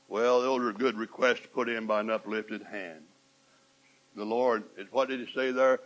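A man preaching a sermon, repeating phrases and swinging from hushed asides to shouts. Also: medium pitch, fairly even intonation, rough recording. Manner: swings from hushed to shouting, mimics complaining voices; repeats phrases, drawn-out emphatic lines.

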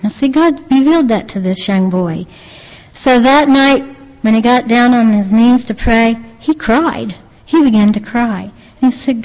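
A woman earnestly retelling a religious testimony as a lay preacher, halting and restarting her sentences. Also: fairly high pitch, darkish tone. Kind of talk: devotional storytelling. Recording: long reverb, dull lo-fi sound.

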